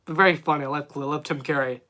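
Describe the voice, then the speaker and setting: A man's voice: a little high, fairly even intonation, racing, sharp tone. A man hosting a casual live stream about movies, rambling with many fillers and reading chat questions aloud. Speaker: streamer host.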